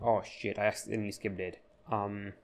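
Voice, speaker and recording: A man's voice: fairly low pitch, level tone, a little fast, a little mellow. A man giving comedic commentary as he plays a video game for the first time, stammering, swearing and laughing as he goes. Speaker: gaming YouTuber. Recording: background game music.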